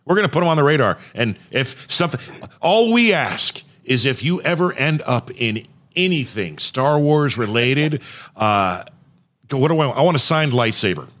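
A man's voice: mid-range voice, very animated, normal speed, fairly bright tone. A man hosting a podcast, asking chatty, enthusiastic questions. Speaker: podcast host. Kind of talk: casual podcast interview.

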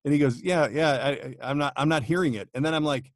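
A man's voice: fairly high pitch, fast talker, no room sound, studio quality. A man, a voice actor, telling stories in a casual podcast chat, laughing often and restarting his sentences. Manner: chatty, laughing storyteller with many restarts. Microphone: home studio microphone.

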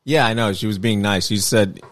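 A man from New York hosting a casual interview, easygoing and quick to laugh. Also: lowish voice, a little hiss or hum. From Brooklyn, New York. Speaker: host.

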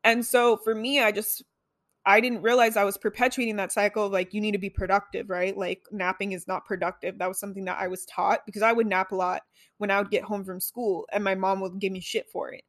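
A young woman delivers a casual, chatty monologue on self-reflection as a self-help speaker, peppered with "like" and "right?" and some swearing. Her mid-range voice is fairly quick with a flat delivery, recorded clean in a studio with no echo.

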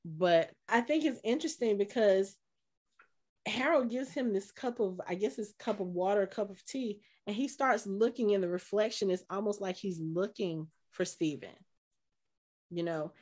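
A podcast co-host recaps an episode in casual chat, her mid-range voice moving at a moderate pace. She's animated and acts out the characters' lines as she quotes them.

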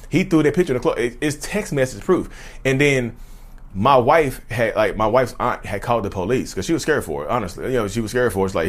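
A man telling viewers a personal story in a casual, animated way, acting out the dialogue and often saying "y'all". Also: mid-range voice. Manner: animated retelling, acts out dialogue, says "y'all". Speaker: vlogger sharing personal story.

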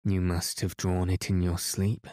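A man's voice: deep voice, completely flat delivery, warm tone, no echo, studio quality. A man voicing a blunt teenage girl. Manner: brisk and offhand.

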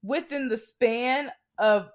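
A young woman co-hosting a podcast, chatting casually and excitedly, often trailing off mid-thought. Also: a little high, slow pace. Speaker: podcast co-host. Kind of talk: casual chat.

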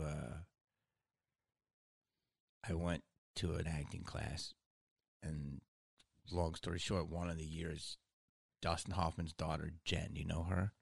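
A man hosting a casual chat, telling stories in an animated way and swearing freely. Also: low voice, slow pace, vocal fry, pauses often, dry recording, clean studio sound.

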